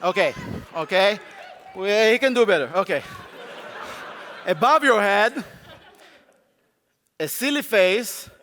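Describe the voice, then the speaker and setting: A man with a sore throat gives a live conference talk, playfully coaching volunteers on stage in an animated way. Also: high voice, takes it slowly, pauses often. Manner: playful, animated, coaxing the audience. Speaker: conference speaker. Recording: long hall reverb, faint crowd noise.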